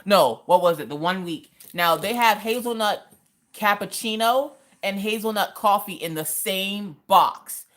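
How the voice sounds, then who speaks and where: A woman's voice: medium pitch, unhurried. A woman hosting a casual craft livestream, chatting playfully, laughing often and reading viewer comments aloud. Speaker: livestream host.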